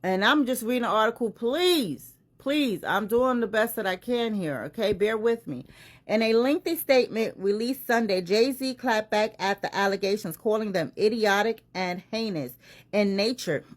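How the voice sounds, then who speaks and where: A woman's voice: mid-range voice, moderate pace. A woman reading a celebrity news article aloud and reacting to it with frequent exclamations and asides, in a casual commentary style. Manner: animated, exclaiming and interrupting her own reading.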